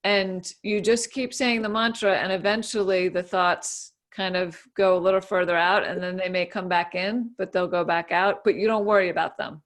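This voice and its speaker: A woman's voice: on the low side, steady tone, moderate pace, hardly any pauses. A woman giving a casual, easygoing explanation as a guest speaker, with many fillers and restarts.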